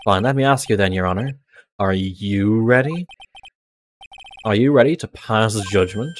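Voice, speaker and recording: A man's voice: on the low side, a little slow, slight background noise, lightly acted. A man voicing a cocky, mysterious prosecutor who speaks in a smug, curt way.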